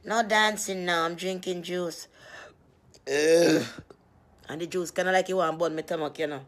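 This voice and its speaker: A woman's voice: fairly low pitch, steady tone, a little fast, fairly bright tone. A woman chatting casually with her viewers, teasing and laughing often.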